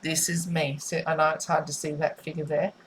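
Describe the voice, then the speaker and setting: A woman's voice: low voice, little pitch movement, fairly quick, a little hiss or hum, poor audio. A woman giving a spiritual tarot reading, musing and repetitive in a soothing way. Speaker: tarot reader.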